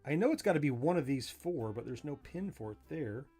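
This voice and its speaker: Over faint background music, a man speaks at medium pitch in an expressive, brisk, mellow and husky voice. Hosting a livestream with a Southern US accent, the southern Florida native with Missouri family takes a joystick apart, folksy and self-mocking, chuckling and thinking out loud as he goes.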